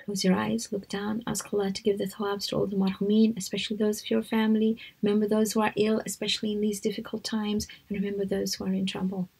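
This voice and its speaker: A middle-aged woman giving a live devotional talk, speaking gently, often dropping to a soft near-whisper as she tells stories and leads listeners in recitation. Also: mid-range voice, monotone, quick pace, creaky, hardly any pauses, husky, rough recording. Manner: storytelling, guiding listeners to recite along. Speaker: religious speaker.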